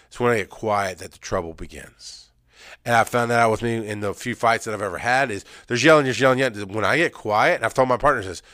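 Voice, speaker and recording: Man, middle-aged, blunt emphatic storytelling, loud-to-quiet swings, dry close sound. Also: fairly low pitch, no echo. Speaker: speaker sharing his experience. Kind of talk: personal story and advice.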